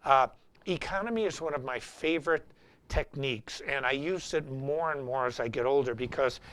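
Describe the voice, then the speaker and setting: A middle-aged man hosting a live-streamed guitar lesson and talking in an animated, rambling, anecdotal way. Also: mid-range voice, moderate pace. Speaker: guitar teacher and show host.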